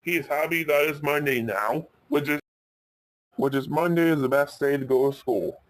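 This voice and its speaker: A man's voice: on the high side, moderate pace, dry recording. Rambling man telling a story. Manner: rambling, frequent restarts. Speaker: YouTube storyteller. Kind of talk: casual improvised storytelling.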